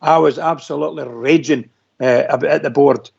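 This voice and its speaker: A man's voice: a little high, steady tone, moderate pace, gravelly, darkish tone, husky. A man calling in to a radio phone-in, talking in a rambling, emphatic way. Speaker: caller. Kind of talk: casual phone-in chat. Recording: muffled lo-fi phone-in audio.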